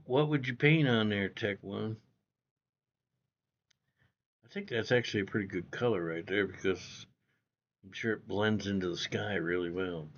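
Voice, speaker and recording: Viewer comments get read out by a streamer with a lowish but fairly bright voice, coming through a recording with the high frequencies cut off. He's blunt and profane, says things more than once, and calls everyone "bro" in this casual livestream chat.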